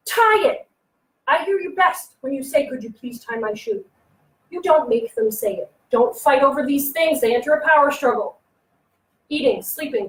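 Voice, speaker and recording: A high-voiced woman leads a parenting workshop, talking to the crowd and jumping into playful voices for kids and grown-ups. Her voice sounds a bit far from the mic and bounces around a roomy space. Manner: animated, acts out kids and adults in quick voices. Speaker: early childhood educator giving a workshop. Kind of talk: parenting workshop talk to a live audience. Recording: echoey room, voice from a distance.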